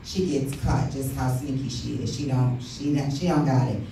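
A woman's voice: very deep voice, steady tone, moderate pace, vocal fry, dark tone, slight background noise. A woman in her thirties doing a stand-up set, brash and profane, teasing the crowd. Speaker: stand-up comic. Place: comedy club stage. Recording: echoey club room from far off.

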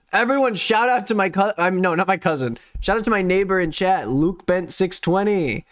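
This young man hosts a casual livestream, laughing easily and shouting out viewers in his chat. He keeps the banter playful and light with his co-host. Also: high voice, expressive, normal speed. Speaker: streamer host.

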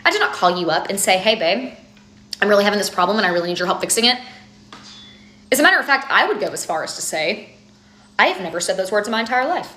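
A woman's voice: mid-range voice, animated, quick pace, long pauses, pushed and bright, reverberant. A young woman doing a comedic rant to camera, exasperated and emphatic, swearing for effect. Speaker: comedy video creator.

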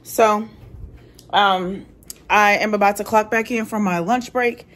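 A woman's voice: medium pitch, steady tone, unhurried, fairly bright tone. A young woman, a single mom working from home, chatting candidly to her phone camera in a casual vlog, swearing now and then. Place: at home, laundry room and house.

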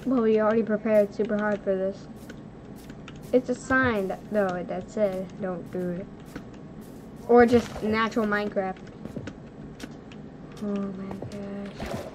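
A young woman hosting a casual gaming video, excitable, giggly and nervous as she plays with a friend. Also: medium pitch, a little slow, long pauses, background noise. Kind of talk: casual gameplay chat.

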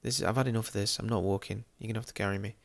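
A man's voice: on the low side, steady tone, rapid-fire, gravelly. A man voicing an imagined fed-up passer-by who grumbles that he refuses to walk any further. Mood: exasperated. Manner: grumbling, exasperated.

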